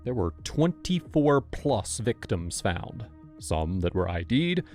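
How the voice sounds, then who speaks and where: A man narrating a scripted true-crime story in a measured, explanatory way. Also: on the low side, very animated, a little mellow, faint music behind.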